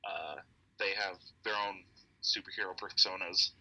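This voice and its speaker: A man's voice: sits low, steady tone, moderate pace, sharp tone, rough recording. A young man co-hosting a casual podcast, teasing and cracking sarcastic jokes as the group's game master. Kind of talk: casual chat.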